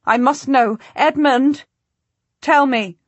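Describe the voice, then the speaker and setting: A woman's voice: on the high side, normal speed, breathy edge, no echo, voice pushed up. A woman narrator voicing a distraught young queen in an audiobook, with urgent, pleading outbursts. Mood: desperate.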